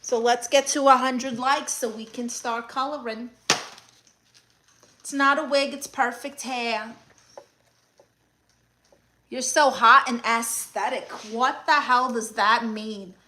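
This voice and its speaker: A woman playing a brash, sassy aunt who hosts a livestream, reading viewer comments with deadpan scolding. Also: on the high side, takes it slowly, long pauses. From Brooklyn, New York. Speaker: comedic livestream host character. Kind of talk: mockumentary livestream comedy.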